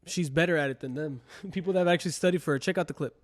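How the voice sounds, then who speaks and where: Speaking rapid-fire in a slightly high voice, this young podcast co-host earnestly encourages listeners to think for themselves. The show is casual, and he talks straight to his audience.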